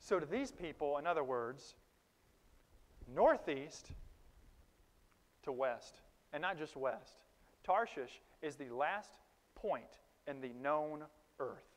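A man preaching a sermon in a conversational, animated way, with sudden loud emphases and quiet asides to the congregation. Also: a little high, takes it slowly, pauses often. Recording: long reverb of a large hall.

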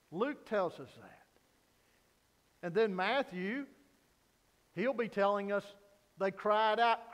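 A man preaching a sermon as pastor, earnest, swinging from loud emphasis down to quiet, low lines. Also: animated, slow, long pauses. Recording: long hall reverb.

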